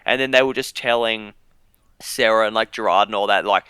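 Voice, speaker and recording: A man's voice: fairly low pitch, expressive, fairly quick, fairly bright tone, clean tone, dry recording. A young man, a podcast co-host telling a story casually, full of fillers and swearing.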